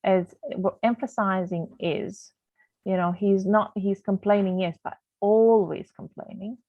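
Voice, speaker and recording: A woman with a medium-pitched, fairly even voice teaches grammar over slides, speaking a little slowly and chattily with many ums and occasionally losing her thread. The audio is dry and tinny, like a phone, with no echo.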